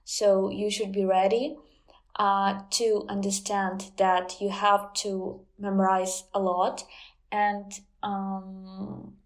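A woman who speaks natively, talking in English as an interview guest, explaining earnestly with many pauses and fillers. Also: medium pitch, level tone. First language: Ukrainian. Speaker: guest, Ukrainian language teacher.

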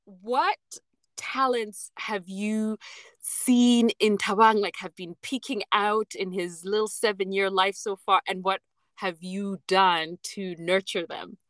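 A woman's voice: mid-range voice, steady tone, takes it slowly, fairly bright tone, dry recording. A woman hosting a podcast, asking her guest questions in an encouraging, friendly way. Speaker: podcast host. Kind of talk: casual interview chat.

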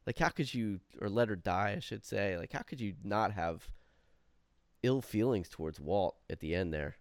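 A man with a smooth, resonant, fairly low voice, talking on a podcast about a TV show. He is opinionated and animated and swears freely. The sound is dry and close, with no room in it. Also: normal speed, no room sound. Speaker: podcast co-host. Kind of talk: casual chat discussing a TV show.

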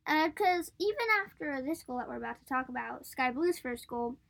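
A woman's voice: sits high, expressive, normal speed, vocal fry. A woman co-hosting a casual sports podcast, recapping match events with frequent giggles. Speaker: podcast co-host.

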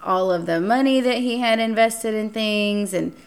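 A young woman hosting a casual podcast chat, telling a dating story with lively acted-out quotes and frequent swearing. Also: mid-range voice, moderate pace. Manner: animated, acts out quotes, swears freely. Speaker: podcast host.

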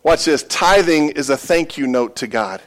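A middle-aged pastor preaching a sermon in a church. His voice sits a little high for a man. He calls out to the congregation and pushes his lines up into loud, stressed peaks. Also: lively intonation, moderate pace. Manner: call-and-response preaching, builds to loud emphatic peaks.

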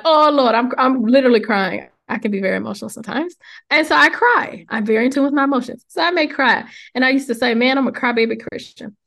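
A young woman with a somewhat high voice co-hosts a casual faith podcast. She tells a personal story with lively energy. She acts out the people she quotes. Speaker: podcast co-host.

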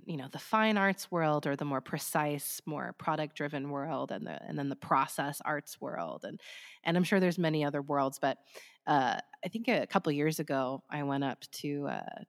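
A woman's voice: sits low, in a large hall. A woman in casual conversation, agreeing and then telling a reflective story.

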